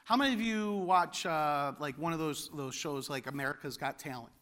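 A man preaching a sermon as pastor, animated and building to loud exclamations. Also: on the high side, moderate pace.

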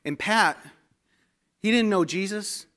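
High-voiced, bright preacher. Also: male voice, takes it slowly. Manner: animated storytelling with humor. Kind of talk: sermon.

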